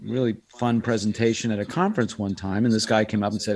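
Middle-aged american guy, voice actor telling stories in a chatty interview, lively. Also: medium pitch, fast, creaky, few pauses. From United States. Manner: animated storyteller, drops into quoted voices. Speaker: guest, voice actor and impressionist. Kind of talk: casual interview chat.

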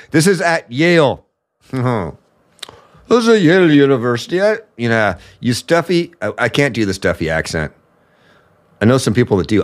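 A man from the United States hosting a political commentary show, ranting with anger and profanity. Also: fairly high pitch. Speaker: podcast host.

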